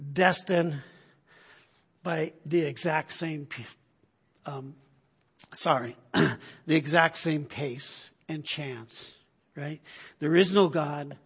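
A man's voice: on the high side, breathy edge. A man preaching a sermon in an emphatic, conversational way, often checking in with the listeners. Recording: long hall reverb.

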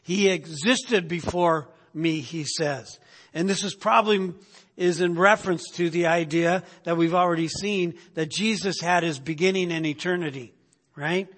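A man's voice: fairly high pitch, moderate pace, a bit bright. A man preaching a sermon as pastor, telling a story casually with restarts and frequent "right?" asides. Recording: hall reverb.

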